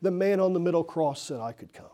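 A man's voice: fairly high pitch, expressive, warm tone, pitched above the performer's own voice, lightly acted. A man playing a bewildered male thief who stammers out his simple answer. The voice sits raised and unsure, humble rather than bold. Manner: hesitant, halting.

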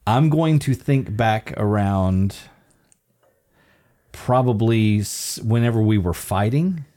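A man co-hosting a casual podcast, chiming in with quick jokes. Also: lowish voice, expressive, mellow. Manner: joking, quick interjections. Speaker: podcast co-host.

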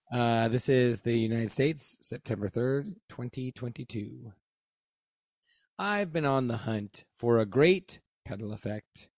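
A man co-hosting a podcast, reading out reviews and cracking deadpan jokes in casual chat. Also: medium pitch, no echo, clean studio sound.

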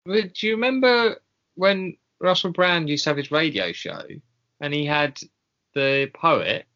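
This man co-hosts a casual podcast in a fairly high, pushed and bright voice, unhurried but with lively intonation. He rambles, hesitates with many ums and chuckles, and the recording is dull and lo-fi.

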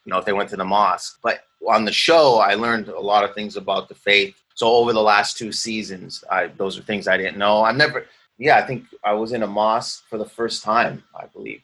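A Canadian man, an actor, talking casually in an interview and acting out quoted exchanges with lively laughs. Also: lowish voice, brisk. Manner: animated storyteller, acts out quoted exchanges, laughs often. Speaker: actor guest.

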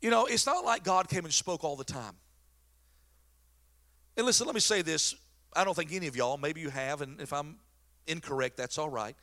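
Middle-aged pastor guy preaching, high bright voice, folksy and jokey. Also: moderate pace, long pauses. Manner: folksy, joking, animated storyteller. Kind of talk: sermon.

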